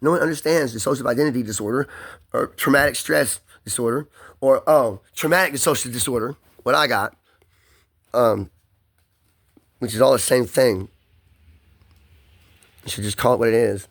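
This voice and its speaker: A man's voice: on the high side, expressive, normal speed, long pauses, a bit bright. A man in an emotional personal monologue, agitated and rambling, swearing often and repeating words as he pushes through strain.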